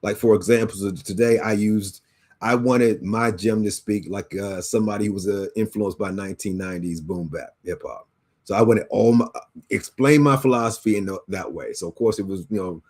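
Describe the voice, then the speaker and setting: A man with a fairly low voice talks through his day on a video call. His delivery is laid-back and slangy, full of fillers and restarts as he thinks out loud. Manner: relaxed, slangy, trails off with fillers. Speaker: podcast co-host, educator. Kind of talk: casual chat.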